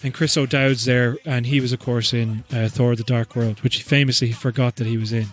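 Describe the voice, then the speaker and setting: A man's voice: mid-range voice, flat delivery, a little fast. A man hosting a podcast, riffing in a profane, rambling, joking way with frequent laughs. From Ireland. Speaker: podcast host. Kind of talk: comedic rambling chat.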